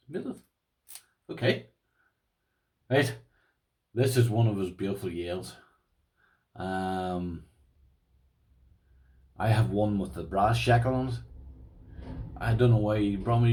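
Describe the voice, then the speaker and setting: A man's voice: medium pitch, a little mellow. A man with an Irish accent, chatting casually as he unboxes and tries out padlocks, rambling with restarts. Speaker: lock-picking vlogger.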